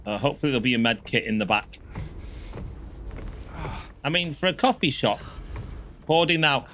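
Lively man streaming a game. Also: medium pitch, moderate pace, slight background noise. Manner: chatty, swears and yelps at sudden scares. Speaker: livestreamer. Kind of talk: live gameplay commentary.

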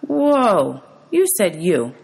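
A woman's voice: lowish voice, very animated, extremely slow, vocal fry, a little mellow, slightly rough, pitched above the performer's own voice, full character voice. A woman reading aloud, voicing a bewildered teenage boy who fires off incredulous questions.

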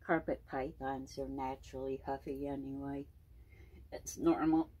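A woman's voice: a bass voice, flat delivery, measured pace, warm tone, rough recording. A woman keeping snakes, talking casually and affectionately to her pet snake, cooing and baby-talking to it. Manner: coos and baby-talks to the snake. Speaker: snake keeper.

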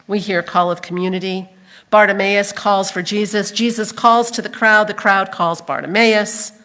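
A woman's voice: medium pitch, steady tone, normal speed, a bit bright. A woman pastor delivering a sermon, telling the story expressively and acting out the crowd's voices. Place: church sanctuary.

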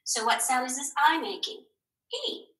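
A woman teacher giving a recorded phonics lesson to young children, slow and encouraging, asking questions and answering them herself. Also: sits high, a bit bright. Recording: echoey room.

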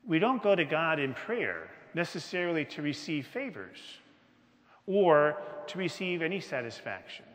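Man, preacher, slow emphatic sermon, dramatic pauses, lively pitch, long reverb. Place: church.

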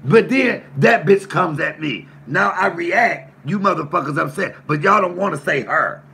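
A man's voice: fairly high pitch, animated, moderate pace, gravelly, bright, forceful tone, slightly rough. A man hosting his own livestream, cursing and confronting his chat with emphatic, repeated lines, then answering commenters. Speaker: YouTube livestream host. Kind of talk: heated livestream rant reading chat.

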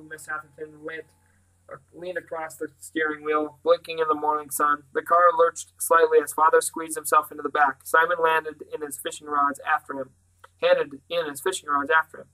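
A man reading a novel aloud, narrating plainly and shifting lightly into character voices. His voice is bright and fairly high for a man. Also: little pitch movement, normal speed, rough recording. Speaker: reader.

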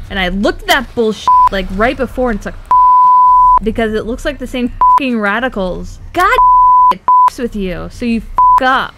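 Young woman gamer, foul-mouthed and exasperated, higher voice swinging widely, noisy game audio behind. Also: sing-song, normal speed. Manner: swears a lot, exasperated rants. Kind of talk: casual gaming chat.

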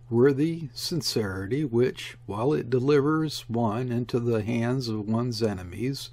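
A man reading a literary memoir aloud as an audiobook narrator, in a measured, reflective way with lingering phrases. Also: medium pitch, gravelly, a little mellow, breathy edge, dry recording. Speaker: audiobook reader.

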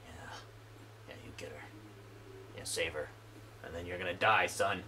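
A man plays a menacing taunter: drop the voice way down, slow and threatening. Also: deep voice, pushed and bright, slight background noise, pitched below the performer's own voice.

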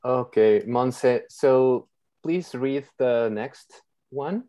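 A woman's voice: a bass voice, dark tone. A woman teaching an online English class on a video call, patient and checking in with her students often. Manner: slow, patient, checks in with okay.

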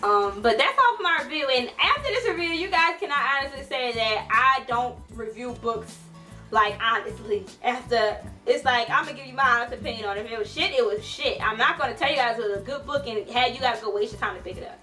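A woman's voice: a little high, expressive, brisk, pushed and bright, distant mic, soft background music. A young woman giving a blunt, frustrated book review in a casual vlog, swearing freely and full of fillers.

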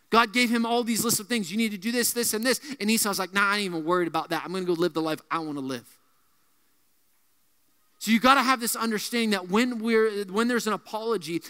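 A man preaching a youth sermon as pastor, emphatic and repetitive, dropping his voice low to land key points. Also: bright, forceful tone, clean tone, long reverb tail. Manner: emphatic, repeats key phrases, drops low on punch lines.

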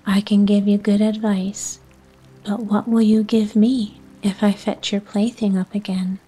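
A woman's voice: mid-range voice, level tone, unhurried, mellow, husky, soft background music. A coaxing frog whispering , as a woman puts him on. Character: male frog, coaxing and sly. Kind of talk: whispered role-play.

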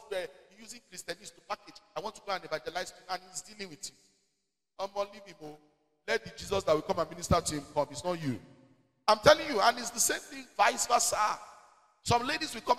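High, lively Nigerian pastor in a hall. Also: male voice. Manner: animated, emphatic, slipping into Pidgin asides. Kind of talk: preaching in a church Q&A. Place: church hall.

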